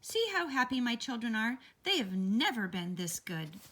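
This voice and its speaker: A woman doing a loud, greedy storybook mother. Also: on the high side, very animated, normal speed, voice pushed up. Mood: exclaiming. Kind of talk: storybook character voice.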